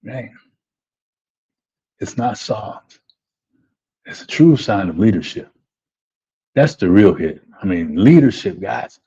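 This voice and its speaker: In this live webinar, a life coach speaks with an animated, warm, slightly rough lowish voice, taking it slowly with long pauses. His motivational talk is repetitive, full of "right?" and "man." The audio is dull and lo-fi.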